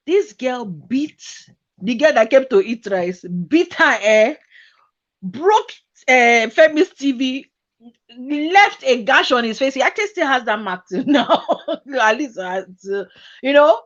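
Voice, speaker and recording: A woman's voice: high voice, slow. A woman, hosting a casual chat and telling a personal story with lots of laughter and acted-out voices. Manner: animated, laughs often, acts out voices in her story. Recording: dull lo-fi recording.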